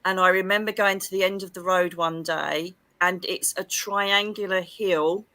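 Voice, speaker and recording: Middle-aged English woman, guest storyteller, bright and forceful tone, lively delivery, dry close sound. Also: fairly low pitch, moderate pace, no echo. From England. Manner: lively, expressive, acts out quoted dialogue. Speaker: psychic medium guest. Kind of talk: animated storytelling in an interview.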